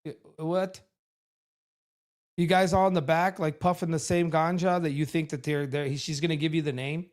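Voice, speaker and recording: A man hosting a show, giving sarcastic, animated commentary on a debate to his live chat. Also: fairly high pitch, a little fast. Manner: sarcastic, animated, mocking impressions. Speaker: show host reviewing a debate.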